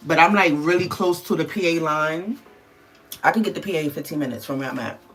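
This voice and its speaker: Give me a chatty livestream host from the Bronx with a gravelly voice. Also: female voice, deep voice, brisk, fairly bright tone. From the Bronx, New York. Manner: chatty, answers viewers' comments, loose with fillers. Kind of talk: casual livestream chat.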